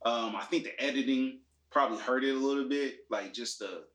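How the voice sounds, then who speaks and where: Relaxed man chatting in an echoey room. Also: mid-range voice, fairly quick. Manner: relaxed, explanatory, many fillers. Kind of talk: casual chat about movies and TV.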